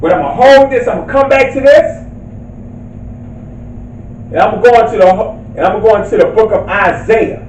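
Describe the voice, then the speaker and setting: A man preaching a sermon, reading scripture and building to impassioned shouts. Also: sits high, normal speed, pauses often, roomy sound, distant mic, slight background noise, rough recording. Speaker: street preacher.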